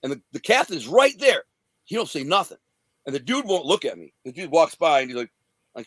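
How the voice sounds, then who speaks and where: A man's voice: a little high, very animated, a little fast, a bit bright, dry recording. A man from the Detroit area, a guest telling a blunt, profane, streetwise story from his past. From Detroit area, USA. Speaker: interview guest.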